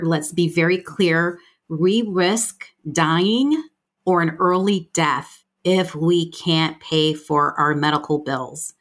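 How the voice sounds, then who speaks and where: A middle-aged woman from the United States, speaking as a healthcare finance guest in a frank, plain-spoken way with quick asides. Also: fairly low pitch. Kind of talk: conversational explaining.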